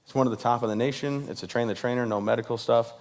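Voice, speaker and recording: Speaking at a racing pace, a man in his thirties gives a jokey speech to a live audience and acts out the voices of people he quotes. His pitch is medium and his intonation fairly even.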